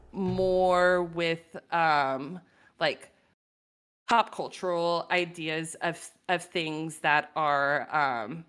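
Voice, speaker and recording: A woman's voice: fairly low pitch, a bit bright, clean tone. A woman speaking in a casual chat as a guest artist, thoughtful and full of "um"s, often laughing.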